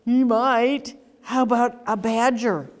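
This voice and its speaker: A woman's voice: a little high, slow pace. A woman reading a picture book aloud at a children's story time, asking the kids questions as she goes. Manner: animated, sing-song, asks children questions. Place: community library story time.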